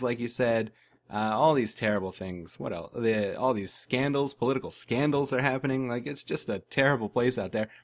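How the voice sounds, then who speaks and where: A man co-hosting a podcast, chatting casually with dry, sarcastic humor. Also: medium pitch. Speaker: podcast co-host. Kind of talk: casual chat.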